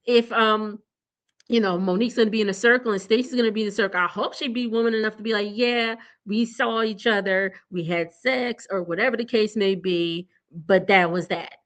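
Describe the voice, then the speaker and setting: A young woman talks through a reality show recap in a loose, chatty way. Her voice sits at an ordinary middle pitch, and she is blunt and quick to laugh as she speaks straight to her viewers. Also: steady tone. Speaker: TV recap vlogger. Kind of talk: casual recap chat.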